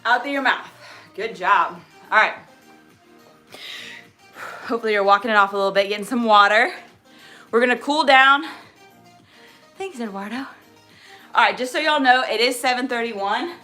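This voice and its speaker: Energetic, bright-voiced woman fitness coach. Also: on the high side, normal speed, pauses often, reverberant, rough recording. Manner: energetic, encouraging, counting down and calling out cues. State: out of breath. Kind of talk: live workout class instruction. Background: workout music.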